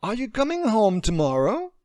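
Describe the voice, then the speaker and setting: A man voicing an excitable, overanimated adult woman friend who giggles as she talks, in a storybook reading. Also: medium pitch, normal speed, no room sound, clean studio sound, pitched above the performer's own voice. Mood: eager.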